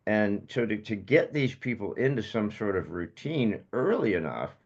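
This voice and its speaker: A chatty man with a lowish voice, talking loosely and telling stories on a podcast. The sound is a bit dull and lo-fi. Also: animated, normal speed. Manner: chatty, storytelling, jokey asides. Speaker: podcast host. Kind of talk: casual interview chat.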